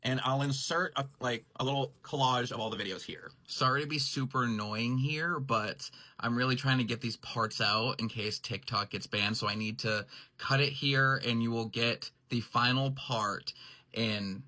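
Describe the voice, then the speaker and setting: A man's voice: medium pitch, moderate pace, bright, forceful tone, dry recording. A man casually telling a rambling story about his grooming salon, full of "like" and self-corrections. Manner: rambling, heavy use of "like", frequent self-corrections.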